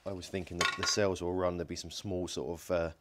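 In a casual workshop video shot at home, a DIY electronics host takes apart a battery pack, speaking quickly in a low, level voice over very noisy surroundings. His hands-on narration is jokey and thought-aloud, with frequent ums and self-corrections.

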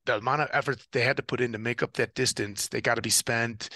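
This guest, a former Marine officer turned ocean rower, speaks briskly in a gravelly mid-range voice with no room sound. Animated in a casual interview, he recounts an ocean rowing race and performs the voices and radio calls.

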